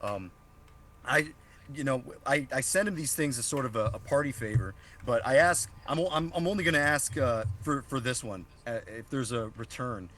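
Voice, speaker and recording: Laid-back joking man, mid pitch. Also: normal speed, a bit bright, slight background noise. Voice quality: laughs often, restarts sentences. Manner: loose and joking, swears freely. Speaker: podcast co-host. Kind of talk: casual chat.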